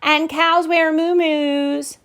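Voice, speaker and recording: A woman's voice: high voice, level tone, slow pace, a bit bright, pitched above the performer's own voice, exaggerated voice. A woman doing a cheeky little girl kitten. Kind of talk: storybook read-aloud.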